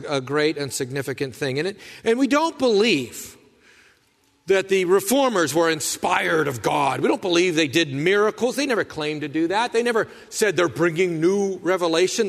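Guy pastor giving a sermon, bit high voice, folksy asides, echo from the big church hall. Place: church sanctuary. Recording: long hall reverb.

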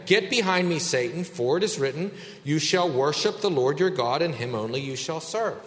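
A man preaching a sermon as pastor, emphatic, slowing down to stress key words. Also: a little high, fairly bright tone, roomy sound, in a large hall.

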